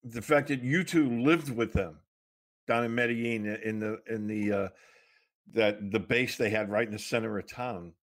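A man interviewing a guest, halting and searching for words as he sets up a question. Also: on the low side. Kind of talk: casual interview.

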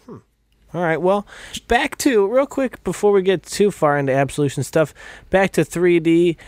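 A man's voice: high voice, normal speed, a little mellow, no echo, studio quality. A man co-hosting a casual podcast, blunt and profane, laughing easily as he chats. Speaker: podcast co-host.

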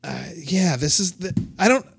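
A man's voice: sits high, lively intonation, moderate pace, vocal fry, fairly bright tone, a little hiss or hum. Chatty man hosting a podcast. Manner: laughing, loose and conversational. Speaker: podcast host. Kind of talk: casual chat.

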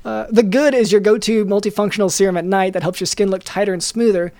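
Speaking fast in a high, slightly mellow voice with fairly even intonation, a male podcast co-host jokes through a sponsor read. He rambles and restarts many times in this improvised comedic ad. There's no room sound, and the quality is studio-grade.

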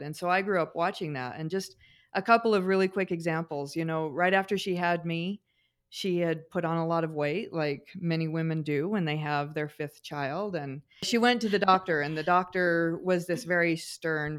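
A middle-aged woman with a somewhat low voice, talking as a guest. She tells personal stories in a conversational, expressive way and is animated as she goes. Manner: expressive, animated anecdote-teller. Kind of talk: conversational storytelling.

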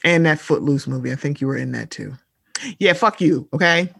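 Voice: mid-range voice, fairly quick, creaky, a bit bright, husky, dry recording, clean studio sound. A podcast co-host in casual pop-culture chat, talking bluntly and sarcastically with plenty of swearing and asides to listeners. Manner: blunt, profane, sarcastic, addresses listeners as y'all.

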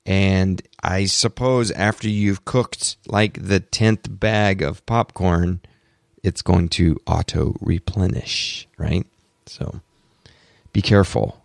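Excitable man with a gravelly voice. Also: sits low, slow, dry recording, clean studio sound. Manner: excitable, apologetic rambling with self-corrections. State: allergies, throat clearing. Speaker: podcast host. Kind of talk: solo tech podcast commentary.

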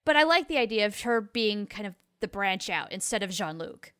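Bright, clear-voiced female co-host. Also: mid-range voice, big pitch swings, dry recording, clean studio sound. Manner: enthusiastic, quick to agree. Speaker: podcast co-host. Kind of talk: casual fan chat.

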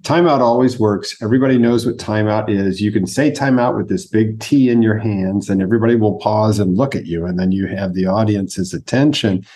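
Man, coach and host, fairly low voice, measured and explanatory. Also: warm tone. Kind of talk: podcast conversation.

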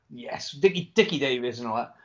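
A man's voice: mid-range voice, animated, normal speed. Rambling storyteller man, lo-fi audio. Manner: rambling storyteller, swears, laughs often. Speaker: podcast co-host. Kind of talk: casual chat. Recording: dull lo-fi sound.

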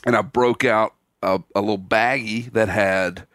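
A man's voice: lowish voice, a little slow, dry recording, studio quality. A man talking as a podcast guest, telling an anecdote and acting out what others said. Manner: lively anecdote teller who acts out quoted voices. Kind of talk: casual storytelling in a podcast interview.

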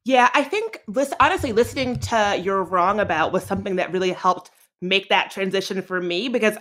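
A woman podcast host talking casually with a guest, conversational and quickening when worked up. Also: medium pitch, a bit bright. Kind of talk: casual interview talk, reads ads.

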